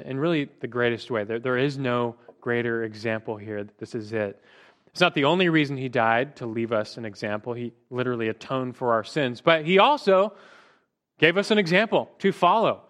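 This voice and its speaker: A man's voice: mid-range voice, lively intonation, normal speed, a bit bright. A man teaching a Bible lesson to a class, earnest, asking questions and often repeating words as he goes.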